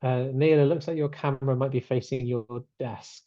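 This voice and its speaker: A man's voice: medium pitch, fairly even intonation, normal speed, mellow, no room sound, highs cut off. A man hosting an online webinar in casual chat, reading out chat replies with plenty of fillers. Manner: chatty, reads out chat replies, many fillers. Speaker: webinar host. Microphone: video call.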